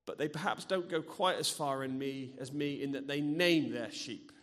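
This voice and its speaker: A man's voice: mid-range voice, moderate pace, a bit bright. A middle-aged man preaching in a church, earnest and personal, sharing stories from his own life. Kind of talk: sermon.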